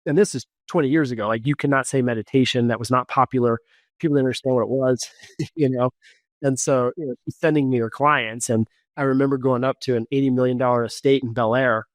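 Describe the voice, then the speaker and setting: A man's voice: medium pitch, fairly even intonation, fast, dry recording. A man in his forties from Kansas, a coach telling stories as a podcast guest in a loose, rambling way, full of "like" and "you know". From Kansas, USA. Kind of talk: casual podcast storytelling.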